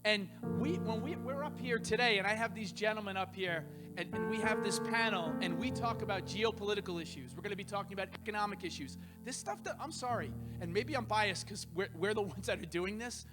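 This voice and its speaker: A man preaching to a congregation as a pastor hosting a church panel, energetic and rambling, with restarts and asides, in a church sanctuary. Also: high voice, fairly quick, few pauses, in a large hall, loud music behind the voice. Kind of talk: informal sermon-style talk to a congregation.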